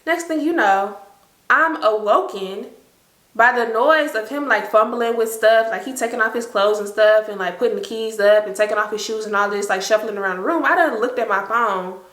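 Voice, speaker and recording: A young woman, telling an animated, slangy storytime to her viewers. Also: a little high, moderate pace, echoey room. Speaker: storytime vlogger. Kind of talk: casual storytime.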